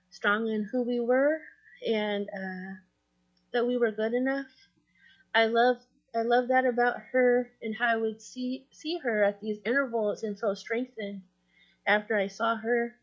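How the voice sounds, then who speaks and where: A woman giving a memorial tribute over a video call, speaking gently with pauses and restarts. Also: on the high side, dull audio. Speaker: mourner giving a eulogy.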